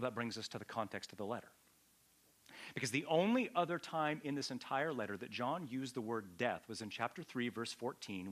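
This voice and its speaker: Emphatic male pastor, bright voice. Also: medium pitch. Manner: emphatic, rises to loud peaks on key points; addresses listeners directly with questions. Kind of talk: sermon teaching.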